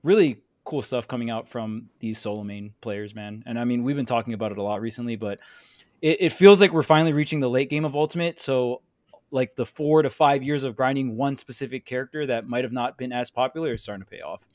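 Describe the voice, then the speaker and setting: An upbeat man co-hosting a podcast with a teasing streak. His voice is mid-pitched. It sounds dry, with no room echo. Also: fairly quick. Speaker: podcast co-host. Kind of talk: casual podcast chat.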